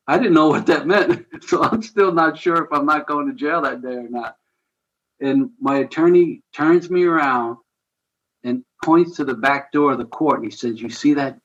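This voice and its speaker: Man telling his story on dull radio. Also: mid-range voice. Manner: earnest, candid, with quick bursts and quiet asides. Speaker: radio show guest. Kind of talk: personal storytelling.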